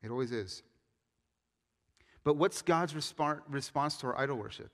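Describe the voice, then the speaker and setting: A man preaching a sermon as a pastor, moving between loud emphatic scripture reading and quiet earnest appeals. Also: medium pitch, normal speed. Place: church sanctuary. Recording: long reverb of a church hall.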